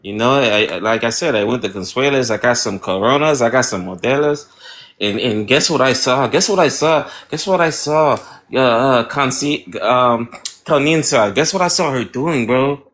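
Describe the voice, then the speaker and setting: A man's voice: medium pitch, normal speed, a bit bright, natural voice. A man voicing a boastful young man who brags and repeats himself in slangy talk in a comedic skit. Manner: slangy, repetitive, bragging.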